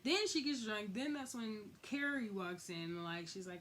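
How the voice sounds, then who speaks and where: A woman's voice: mid-range voice, measured pace, a bit bright, slight background noise. A woman giving a casual, slangy recap of a TV episode, acting out the characters' lines as she goes. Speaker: recap vlogger.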